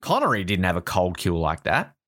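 A man's voice: sits low, a little fast, dry recording, studio quality. A man co-hosting a podcast, chatting casually over a film, often laughing and quoting lines. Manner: animated, laughs often, quotes film lines in put-on voices. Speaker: podcast co-host. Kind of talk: casual movie commentary.

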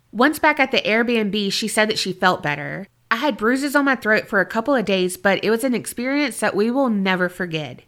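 Woman, podcast co-host, expressive story reading, bright clear tone. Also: mid-range voice. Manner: expressive, jokey storytelling read. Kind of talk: reading a listener story aloud, casual chat.

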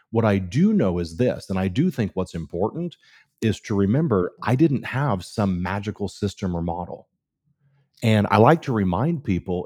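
Low husky guy in his 40s, podcast guest, acts out all the dialogue in his stories. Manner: animated storyteller, acts out quoted dialogue. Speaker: guest, real estate agent. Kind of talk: casual podcast chat.

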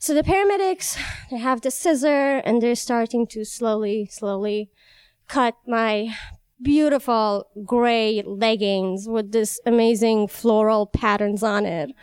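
A young woman from Iran telling a vivid first-person story, animated and laughing as she goes. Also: fairly high pitch, measured pace, smooth, no room sound.

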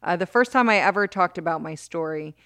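A woman as an interview guest, telling a story in an animated way with many restarts and bursts of laughter. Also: lowish voice, a little fast, no room sound, studio quality. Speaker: interview guest, criminal justice advocate.

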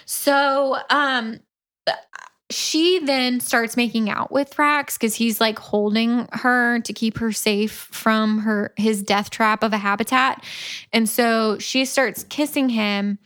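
A woman co-hosting a chatty podcast, walking through a book's plot at an unhurried, drawn-out pace. Her delivery is dry and deadpan, with casual swearing tossed into her asides. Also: on the high side, smooth. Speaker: podcast co-host. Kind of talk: casual chat, retelling a book plot.

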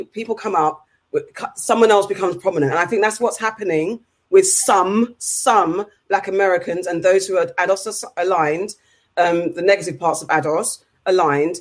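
High-voiced British man ranting. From Britain. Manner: passionate, rambling with restarts and rhetorical questions. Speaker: co-host. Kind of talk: casual opinion chat.

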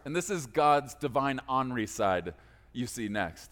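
Animated male pastor preaching in a hall. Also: medium pitch, measured pace. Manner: lively, playful storytelling with casual asides. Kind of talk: sermon. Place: church sanctuary. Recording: echoey hall reverb.

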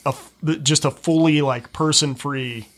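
A man's voice: mid-range voice, steady tone, unhurried, fairly bright tone. A young man chatting as a guest, speaking hesitantly with lots of ums and uhs. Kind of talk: casual chat.

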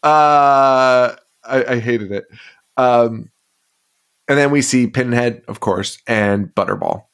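A man's voice: mid-range voice, takes it slowly, a bit bright, smooth. A man co-hosting a podcast, recapping films in casual chat, swearing and laughing as he rambles. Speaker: podcast co-host.

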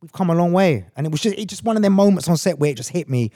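A man's voice: sits high, lively intonation, racing, mellow, dry recording, studio quality. A man talking as a guest in a casual interview, reflective and earnest, often restarting his sentences. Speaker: guest actor and director.

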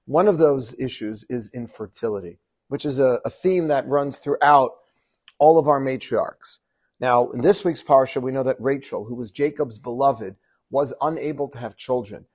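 A rabbi giving a Torah teaching, quoting Hebrew verses and translating them, with frequent rhetorical questions. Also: male voice, medium pitch, moderate pace, breathy edge. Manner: animated, quotes Hebrew verses then translates; asks rhetorical questions to the audience.

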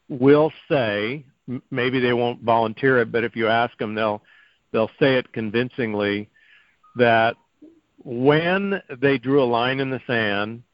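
A man hosting an interview, asking questions and building long, measured points. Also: medium pitch, no echo. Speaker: interview host. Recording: dry, muffled lo-fi audio.

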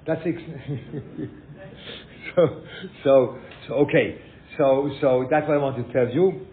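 An older man teaching a class as a rabbi, animated, repeating words and mixing in Yiddish and Hebrew terms. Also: takes it slowly. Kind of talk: lecture with questions from students. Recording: phone-like echoey room with faint rumble.

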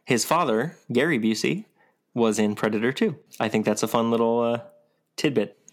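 A man hosting a movie podcast in easygoing casual chat. His delivery is plainspoken and relaxed, with a few fillers as he thinks. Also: mid-range voice, normal speed. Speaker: podcast host.

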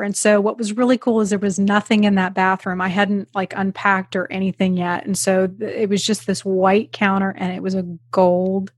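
A woman, hosting a podcast in casual chat, telling lively stories full of acted quotes, swearing and laughter. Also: medium pitch, normal speed, hardly any pauses, no echo. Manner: animated storyteller, acts out quotes, swears, laughs often. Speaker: podcast host.

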